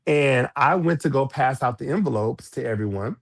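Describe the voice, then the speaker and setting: A man telling a story as a podcast guest, frank and animated, with cursing and sudden high jumps in pitch when he quotes people. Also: moderate pace, gravelly, heavy background noise. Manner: frank, swears freely. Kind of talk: storytelling in a casual interview.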